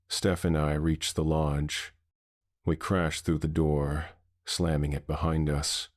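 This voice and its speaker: Very deep, slow male horror narrator. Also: no echo, clean studio sound.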